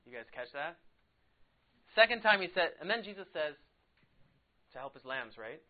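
A man teaching a casual Bible lesson to a class in a classroom, chatty and quick to laugh, saying "like" a lot. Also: on the high side, big pitch swings. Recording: tinny phone-like sound.

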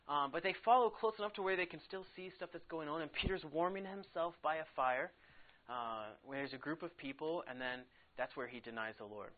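A man teaching a casual Bible lesson to a class in a classroom, chatty and quick to laugh, saying "like" a lot. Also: a little high. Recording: tinny phone-like sound.

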